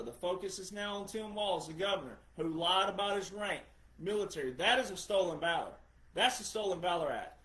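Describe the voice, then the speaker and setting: A man's voice: sits high, fairly bright tone. A middle-aged man hosting a podcast, giving an emphatic, lecturing political monologue and repeating phrases for effect. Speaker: podcast host. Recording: roomy echo.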